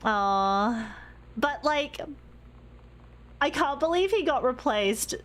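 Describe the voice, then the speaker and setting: A woman's voice: high-pitched, animated, slow pace, fairly bright tone. A young woman streaming a game, chatting casually, reading in-game notes aloud and laughing easily.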